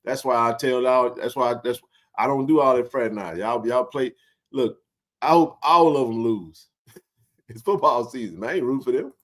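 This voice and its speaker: A man hosting a casual sports livestream, animated and joking in colloquial speech. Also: mid-range voice, normal speed. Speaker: sports talk show host.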